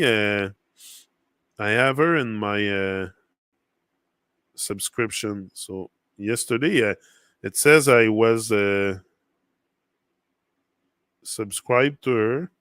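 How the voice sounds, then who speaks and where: A man's voice: on the low side, takes it slowly, pauses often, fairly bright tone, clean tone, no room sound, studio quality. A man whose first language is French, speaking English with a French accent, talking loosely and rambling on a casual motivational livestream full of fillers and restarts. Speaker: livestream host.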